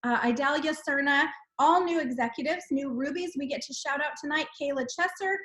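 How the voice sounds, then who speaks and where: A high, bright-voiced woman hosts a team call. She reads out names with bubbly energy, cheering and exclaiming as she goes. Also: a little fast, poor audio. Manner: bubbly, exclaims and laughs while reading names. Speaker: host of a team sales call. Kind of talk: upbeat recognition call.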